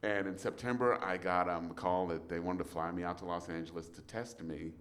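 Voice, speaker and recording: Low-voiced man telling lively stories. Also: a little fast. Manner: animated, laughing often while telling stories. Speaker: guest voice actor. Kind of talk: casual interview storytelling. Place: outdoor live show at an RV park.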